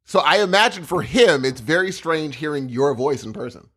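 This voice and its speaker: A man co-hosting a podcast, chatting casually, excitable and stumbling over his words. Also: on the high side, normal speed, husky. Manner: excitable, stumbling restarts, says dude. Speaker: podcast co-host.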